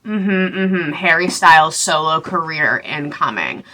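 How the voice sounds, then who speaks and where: A woman's voice: deep voice, expressive, measured pace, pushed and bright. A young woman casually recapping a novel she read, rambling with lots of fillers and sarcastic asides. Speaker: book reviewer.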